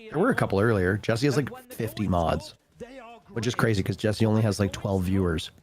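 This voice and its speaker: A man's voice: lowish voice, fairly quick. A Canadian man co-hosting a casual esports reaction stream, joking and ranting in loose banter. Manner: joking, ranting, acts out quoted phone calls. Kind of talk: casual chat.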